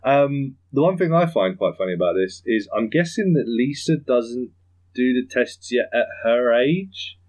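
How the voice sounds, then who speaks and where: A man hosting a podcast in casual chat, rambling, chuckling often and slipping into quick impressions. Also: medium pitch, lively intonation, darkish tone, low-quality recording. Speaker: podcast host.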